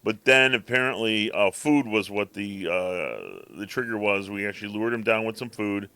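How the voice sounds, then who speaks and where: A man's voice: lowish voice, animated, moderate pace, sharp tone, smooth, dry recording. A man co-hosting a podcast, telling a long, rambling story in casual chat and acting out his cat's thoughts. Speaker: podcast co-host.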